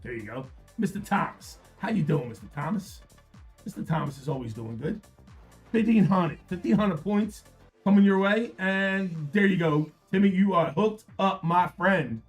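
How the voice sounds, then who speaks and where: A man hosting a live card-break stream, repeating prices and hyping the product in an upbeat sales pitch. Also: normal speed, faint music behind. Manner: upbeat, repetitive hype.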